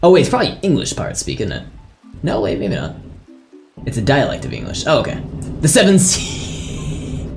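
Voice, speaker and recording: Man, live streamer, chatty, laughs a lot, lively pitch, faint music behind. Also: fast talker, gravelly, pauses often. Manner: chatty, laughs often, thinks aloud. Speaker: streamer and server admin. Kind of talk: casual live-stream chat.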